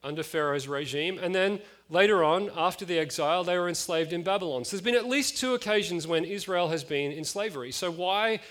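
A man's voice: sits high, a little fast, hardly any pauses, fairly bright tone. A man in his late thirties preaching a conversational sermon, with frequent fillers and chatty asides.

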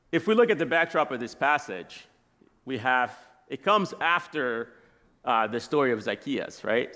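A man's voice: mid-range voice, vocal fry, a bit bright. Thirties man, laid-back guest preacher, chatty storyteller, easy mid-range voice, laughs as he goes. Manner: casual, chatty, laughs while telling stories. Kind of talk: sermon with personal stories. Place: church sanctuary.

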